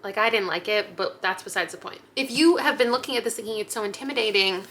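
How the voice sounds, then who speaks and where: A woman's voice: mid-range voice, quick pace, fairly bright tone. A young woman talking casually to camera as a book vlogger, frank and chatty, with light laughs and fillers.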